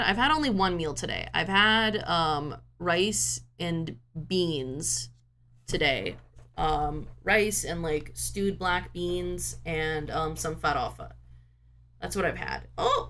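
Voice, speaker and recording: A woman's voice: lowish voice, takes it slowly, bright, forceful tone. A woman game streamer at home, chatting casually into a desk microphone in a rambling, talkative, self-mocking way. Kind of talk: casual chat.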